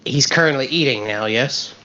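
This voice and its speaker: A woman's voice: very deep voice, moderate pace, sharp tone, slight background noise. A woman playing in a tabletop role-play game, who talks hesitantly and often restarts her sentences. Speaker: player. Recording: slightly dull lo-fi mic.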